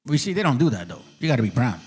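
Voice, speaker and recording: Casual guy hosting, profane and mocking, lively pitch. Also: racing, slightly rough. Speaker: channel host. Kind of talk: profane ranting commentary on clips.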